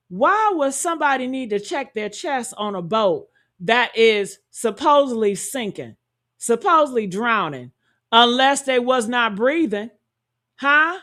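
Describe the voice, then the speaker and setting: A woman talks through a true-crime story in a high voice at an unhurried pace. She leans on rhetorical questions and speaks to her audience as honey and y'all. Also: fairly bright tone. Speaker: commentary host. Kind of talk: true-crime commentary to viewers.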